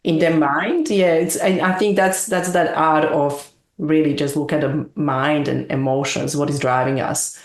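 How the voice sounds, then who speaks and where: A woman's voice: low voice, fairly even intonation, a little slow, few pauses. A woman guest in an interview, talking earnestly in long, winding explanations. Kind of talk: reflective interview talk. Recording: echoey room.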